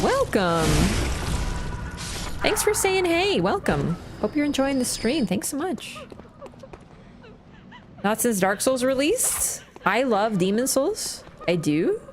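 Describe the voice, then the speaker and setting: A woman's voice: a little high, huge pitch swings, takes it slowly, pauses often, noisy background. A woman chatting casually through a gaming livestream, swearing freely, laughing and answering her chat.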